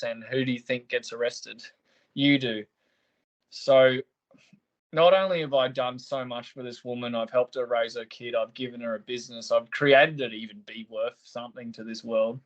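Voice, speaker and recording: In a muffled recording, a man with a mid-range voice shares his story as a podcast guest. The candid interview finds him aggrieved and blunt, cursing heavily.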